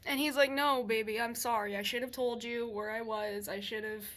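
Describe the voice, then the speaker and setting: A young woman vlogger telling a personal story in a chatty, animated way, swearing freely and laughing as she goes. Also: fairly high pitch, normal speed. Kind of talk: casual storytelling to camera.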